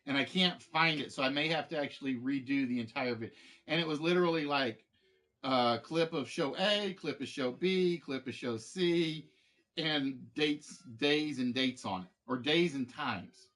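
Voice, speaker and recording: A man's voice: fairly high pitch, normal speed, a bit bright. A man hosting a live game show stream, chatting casually with viewers in a rambling way, full of fillers and restarts.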